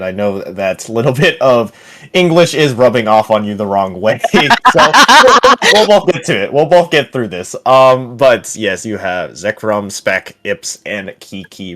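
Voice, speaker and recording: Low-voiced easygoing esports caster man. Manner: easygoing, joking, upbeat analysis. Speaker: esports co-commentator. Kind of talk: livestream color commentary.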